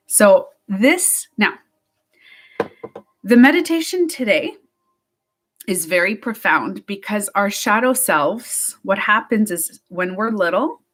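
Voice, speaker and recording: A woman life coach explaining a topic in loose, chatty talk, acting out the voices of people she quotes. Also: mid-range voice. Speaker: life coach and meditation guide. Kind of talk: casual spoken explanation.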